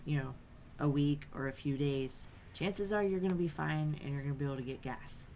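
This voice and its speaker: A woman with a notably low voice co-hosts a relaxed livestream chat from home. She talks easily but hesitantly, padding her thoughts with fillers. Faint background noise sits under her voice. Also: fairly quick. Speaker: co-host.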